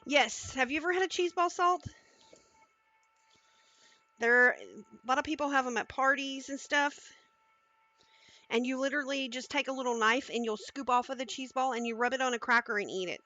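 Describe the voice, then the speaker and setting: A woman's voice: high voice, moderate pace, long pauses, bright, forceful tone, no echo. A woman cooking on a live stream, chatting casually and talking viewers through each step into a headset mic in her home kitchen.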